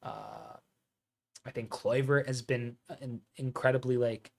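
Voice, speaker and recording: A man streaming live football watch-along commentary, reacting excitedly as a fan and chatting with viewers. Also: mid-range voice, unhurried, gravelly.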